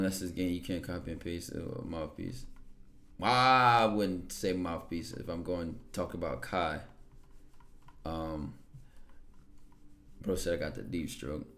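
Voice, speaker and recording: A man hosts a casual live stream, speaking in a somewhat low voice. He talks in a relaxed, rambling way and keeps checking in with his listeners. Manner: laid-back, rambling, keeps checking in with "right?". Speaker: livestream host. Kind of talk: casual chat to a live audience.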